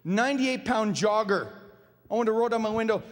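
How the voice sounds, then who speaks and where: Man, stand-up comic, wry delivery, high pitch, lively intonation, long hall reverb. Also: brisk, noisy background. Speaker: stand-up comedian. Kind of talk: stand-up comedy set. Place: large theater stage. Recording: live hall reverb, faint ambience.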